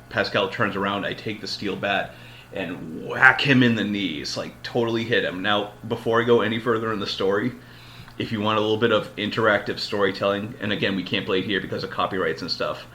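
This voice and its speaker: A man's voice: fairly low pitch, sharp tone, slight background noise. A man hosting a podcast, retelling a long story in casual chat, rambling and full of filler words. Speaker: podcast host.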